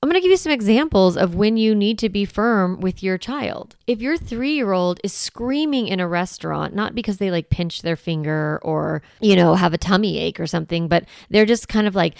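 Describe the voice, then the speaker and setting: A woman's voice: lowish voice, normal speed, vocal fry, no room sound, studio quality. A woman parenting coach talking straight to her listeners, shifting into a firm, strong voice to act out what parents can say to their kids. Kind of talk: solo talk to camera.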